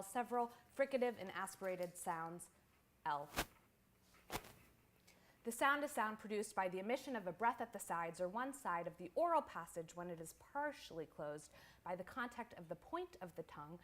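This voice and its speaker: A woman poet reads her work aloud at a small live venue. Her delivery is measured and incantatory, setting out phrase after phrase like a chanted list, in a voice of middling pitch. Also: fairly bright tone. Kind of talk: poetry reading.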